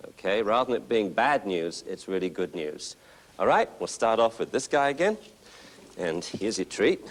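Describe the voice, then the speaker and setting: A man's voice: lowish voice, very animated, normal speed. A man teaching a puppy training class, upbeat and coaxing, cheering the owners on. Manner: upbeat, coaxing, full of encouragement.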